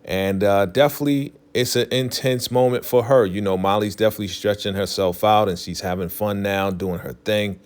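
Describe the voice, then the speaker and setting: A man with a low, deep voice walks through a TV episode in a relaxed, conversational way. He keeps leaning on fillers and restarts as he retells the scenes. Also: a little fast, hardly any pauses, clear, resonant tone. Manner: loose, filler-heavy retelling, leans on "definitely" and "you know". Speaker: TV recap vlogger. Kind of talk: casual episode recap.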